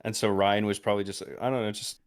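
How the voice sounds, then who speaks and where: A man's voice: on the low side, flat delivery, quick pace, clear, resonant tone. A man guesting on a casual movie review chat, thinking aloud hesitantly with restarts.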